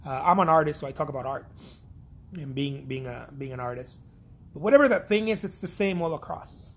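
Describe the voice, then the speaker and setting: A man's voice: fairly high pitch, lively intonation, fairly quick. A man from Mexico, an artist giving a blunt, profane, repetitive pep talk in a casual vlog.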